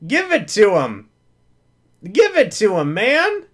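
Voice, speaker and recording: A man's voice: high voice, huge pitch swings, slow pace, fairly bright tone. A man calling a football game live as a fan, narrating each play and then pleading with the referees and groaning at the calls.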